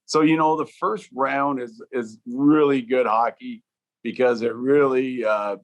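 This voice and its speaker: Middle-pitched man in his fifties, a retired hockey pro on a podcast, easygoing and rambling. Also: a little slow. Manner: relaxed, rambling, many "you know" fillers and restarts. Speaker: former hockey player and coach, guest. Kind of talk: storytelling in a podcast interview.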